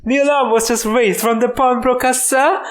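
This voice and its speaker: A woman voicing a boisterous male police constable with a put-on French accent, loud and theatrical. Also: on the high side, fairly even intonation, moderate pace, background noise, voice pushed up, lightly acted. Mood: jolly.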